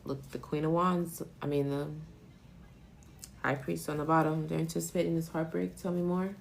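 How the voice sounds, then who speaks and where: A woman with a low, gravelly voice reads tarot cards on a live stream, speaking straight into her phone. She talks in an emotional, rambling way and swears casually as she works through the spread. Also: flat delivery, moderate pace, slight background noise. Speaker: tarot reader.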